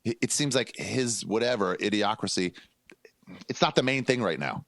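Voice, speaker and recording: A man, a guest comedian, chatting casually on a podcast and telling animated stories, swearing freely. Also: fairly low pitch, moderate pace, gravelly, no room sound.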